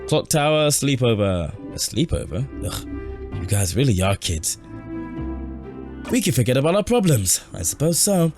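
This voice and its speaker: A man's voice: mid-range voice, sing-song, moderate pace, over music, pitched above the performer's own voice. A man voicing a dry, sarcastic young male ally in a story game.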